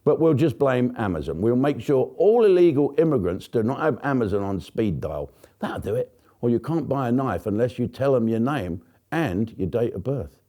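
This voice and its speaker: A man's voice: mid-range voice, sing-song, moderate pace, dark tone. A man hosting a comic news rant, profane and sarcastic, with frequent swearing. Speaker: comedian host.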